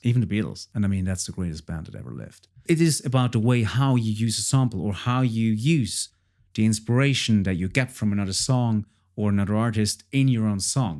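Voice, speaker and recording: A man whose voice sits on the low side, with a slightly mellow quality, guides listeners through a song he produced. It's an informal walkthrough, talkative and repetitive, peppered with fillers.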